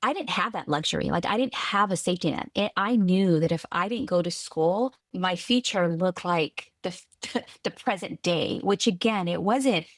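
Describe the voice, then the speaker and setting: A woman from California, a guest on a podcast interview, telling her story earnestly and with lively restarts. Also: fairly low pitch, moderate pace, no echo, studio quality. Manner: earnest, lively retelling with restarts and quoted voices. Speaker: guest, tech executive.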